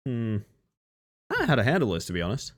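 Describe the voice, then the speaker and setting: A man's voice: mid-range voice, huge pitch swings, fast. A man live-streaming a game, chatting casually and dryly to his viewers with self-mocking asides. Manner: dry, self-mocking, talks to chat.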